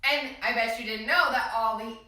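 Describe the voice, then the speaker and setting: Bright, sing-song kids' yoga teacher, a woman; room echo, voice off-mic. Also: a little high, moderate pace. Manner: sing-song, gently encouraging, speaks to small children. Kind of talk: children's yoga class instruction. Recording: echoey room, voice from a distance.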